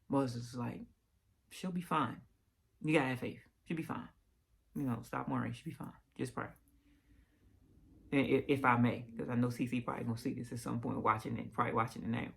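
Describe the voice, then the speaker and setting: A woman's voice: a bass voice, gravelly, darkish tone, breathy edge. A woman vlogger telling a personal story in a casual, emotional way, with restarts and occasional whispered asides.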